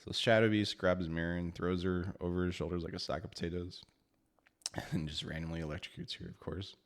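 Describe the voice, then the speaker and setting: Man, very low voice, casual book review, chatty, frequent laughter. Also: fairly even intonation, brisk. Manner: chatty, laughs often between remarks.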